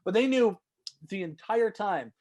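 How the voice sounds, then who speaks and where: A man from Canada working as a hockey reporter, telling stories in a casual, animated podcast chat. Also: high voice, measured pace. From Calgary, Canada. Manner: animated, excitable storyteller with many restarts. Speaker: hockey reporter and radio host.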